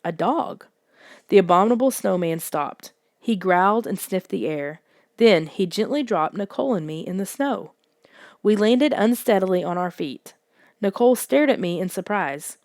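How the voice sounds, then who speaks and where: Hushed woman reading a suspense story. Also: mid-range voice, expressive, normal speed, no echo, studio quality. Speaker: audiobook narrator. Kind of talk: scripted audiobook narration.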